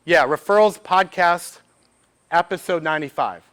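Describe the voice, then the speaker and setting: A man speaks at a business event. He talks to a live audience in a lively way. He acts out little snippets of conversation and throws questions to the room. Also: fairly high pitch, normal speed. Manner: lively, quotes made-up dialogue with audience questions. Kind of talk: live workshop talk.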